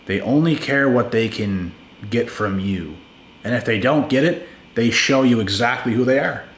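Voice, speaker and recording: A man's voice: medium pitch, moderate pace, roomy sound, slight background noise. A man giving blunt, emphatic relationship advice in a casual monologue to his viewers. He repeats words for stress and calls listeners "bro".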